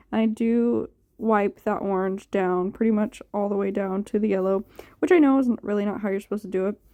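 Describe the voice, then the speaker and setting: A tired young woman, yawning, records a casual voice-over chat about dyeing her hair. Her medium-pitched voice has a dark tone, and the studio-quality audio has no room sound. She rambles and sounds unsure, using lots of filler words.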